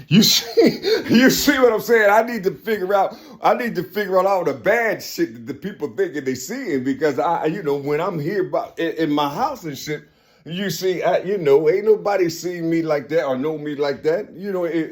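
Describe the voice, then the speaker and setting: A man talking straight to camera in a rambling monologue, constantly adding "you see" and "you know," restarting phrases and breaking into laughs. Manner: laughs between phrases, drops suddenly low and quiet. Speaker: vlogger.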